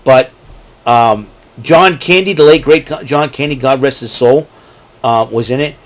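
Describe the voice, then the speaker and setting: A man's voice: mid-range voice, a little slow. Rambling man chatting about favorite films. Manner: rambling, many fillers and restarts, breaks into quoted movie lines. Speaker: host ranking favorite films. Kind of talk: casual solo commentary.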